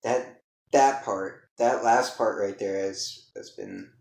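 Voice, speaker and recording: A man's voice: fairly low pitch, wildly swooping pitch, slow, creaky, darkish tone. A man co-hosting a podcast in laid-back casual chat, often calling people "man". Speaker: podcast co-host. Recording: echoey room.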